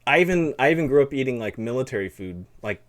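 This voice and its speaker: A man's voice: medium pitch, lively intonation, fast. A man hosting a live stream, chatting in a rambling, casual way and reading chat aloud. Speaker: streamer host.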